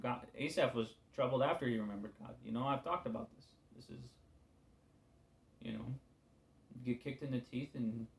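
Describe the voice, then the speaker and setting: A man giving an informal devotional talk as a preacher, casual and candid, weary and subdued, often trailing off into quiet asides. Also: mid-range voice, vocal fry.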